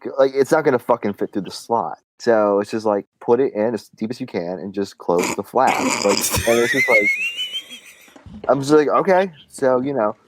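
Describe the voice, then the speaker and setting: A man's voice: medium pitch, normal speed, low-quality recording. A young man chatting on a podcast, swearing freely and rambling through a story. Nearly every phrase has a "like" or "man" in it. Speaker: podcast co-host telling a story. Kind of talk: casual profane chat.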